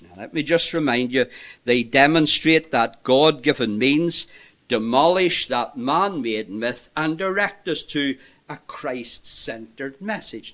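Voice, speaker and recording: A man preaching a sermon in an impassioned way, swinging between loud emphasis and hushed asides. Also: medium pitch.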